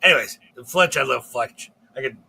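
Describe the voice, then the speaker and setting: A man co-hosting a comedy podcast, telling a rambling, profane, animated story. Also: mid-range voice, a little fast, creaky, husky, low-quality recording.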